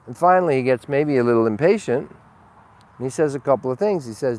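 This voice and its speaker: A man giving an unscripted spiritual monologue, rambling and blunt, with frequent swearing and sudden swings between loud and soft. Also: mid-range voice, animated, fast talker. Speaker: spiritual teacher.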